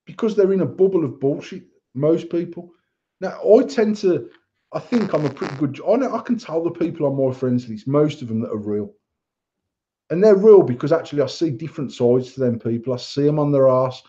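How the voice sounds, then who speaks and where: A man's voice: a little high, lively intonation, brisk, dark tone. A man co-hosting a podcast, ranting bluntly in casual chat and swearing a lot. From England. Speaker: podcast co-host. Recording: dull lo-fi sound.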